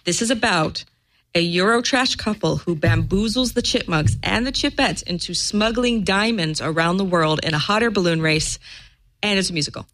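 A woman guest on a podcast who explains things eagerly and quickly, laughing often. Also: fairly low pitch, fairly bright tone. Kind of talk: casual chat.

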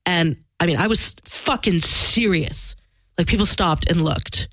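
A woman's voice: on the low side, a little slow, a bit bright, no echo. A woman telling a personal story in frank, casual conversation, swearing freely and acting out the lines of the people in it. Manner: frank and emphatic, swears freely, acts out quoted dialogue.

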